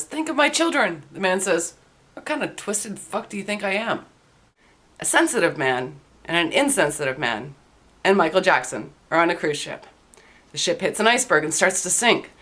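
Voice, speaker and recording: A woman host telling rapid-fire dark one-liner jokes in a deadpan delivery. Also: fairly low pitch.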